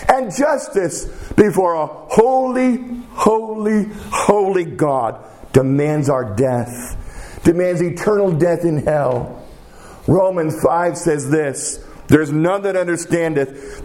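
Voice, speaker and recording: A man preaching a sermon who repeats key phrases for emphasis and drops to a quiet hush when he prays. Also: fairly high pitch, slow pace.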